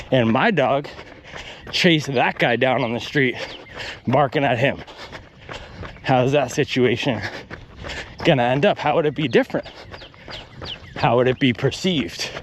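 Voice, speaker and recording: A running vlogger with a mid-range voice talks outdoors while out on a run, in a casual monologue. Between strides he offers wry, ranting asides, with slight background noise.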